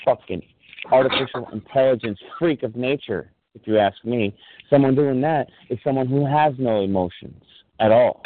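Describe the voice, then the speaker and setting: A man's voice: mid-range voice, a little hiss or hum. A man ranting angrily on a call, swearing heavily as he defends himself. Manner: angry ranting, heavy swearing. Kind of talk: heated phone chat. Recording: tinny dry phone line.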